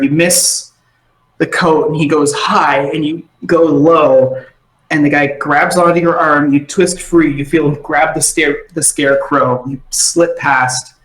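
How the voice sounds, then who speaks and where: A man runs a tabletop game, narrating scenes with animated energy. His voice sits a little higher than most men's. The room around him rings with noticeable echo. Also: unhurried. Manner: animated, acting out side characters. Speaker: game master.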